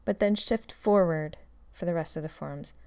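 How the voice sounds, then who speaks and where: A woman's voice: fairly low pitch, moderate pace, a little mellow, clear, resonant tone, no room sound. A woman teaching a recorded grammar lecture, explaining step by step and drilling examples. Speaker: Russian language teacher.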